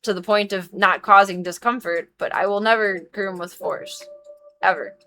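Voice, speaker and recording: With faint music playing behind her, a woman in her thirties who works as a streamer and dog groomer chats casually on a live stream. Her mid-range voice is sharp, fairly even in intonation, and moderately paced, and she speaks frankly and emphatically, swearing freely.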